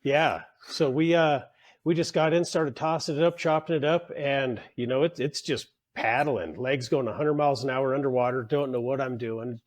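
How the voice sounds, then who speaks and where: Animated, swearing storyteller man. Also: mid-range voice, normal speed. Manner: animated storyteller who acts out quoted bosses, swears freely. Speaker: podcast guest, union leader. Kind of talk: casual interview storytelling.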